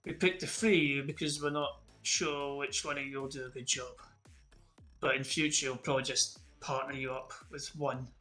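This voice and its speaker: A man's voice: medium pitch, steady tone, normal speed, pushed and bright, soft background music. A man running a tabletop game as game master, narrating in a loose, rambling way.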